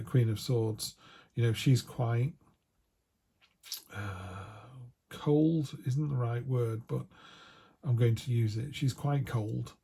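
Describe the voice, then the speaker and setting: A man's voice: mid-range voice, gravelly, warm tone, slightly rough. A man giving a casual tarot reading, chatty and full of restarts. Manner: chatty, quotes imagined voices, frequent restarts. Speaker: tarot reader.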